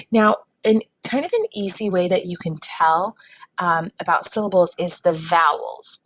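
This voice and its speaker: A woman teacher giving a recorded phonics lesson to young students, patient and sounding words out slowly. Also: lowish voice, low-quality recording.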